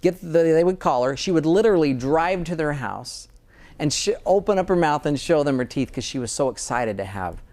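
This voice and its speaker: A man's voice: on the high side, expressive, a little fast, darkish tone. A dentist in conversation, speaking earnestly and often repeating words as he starts a thought. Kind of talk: conversational interview.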